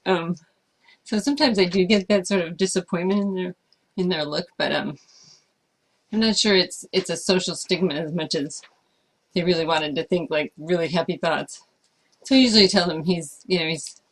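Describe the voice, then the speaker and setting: A woman's voice: fairly low pitch, moderate pace, fairly bright tone. A woman chatting casually as she answers viewer questions about life with her service dog, thoughtful and hesitant, with frequent fillers. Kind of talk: casual Q&A chat.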